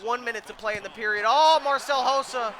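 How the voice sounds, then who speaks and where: A man commentating his own video game, pleading with and yelling at the players in a frantic way, his voice starting to go hoarse. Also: very high voice, fairly quick. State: voice going hoarse. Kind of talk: excited let's-play commentary.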